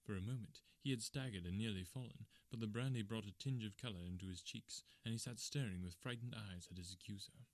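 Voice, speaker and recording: A man narrating an audiobook in a steady, measured reading. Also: on the low side, dry recording.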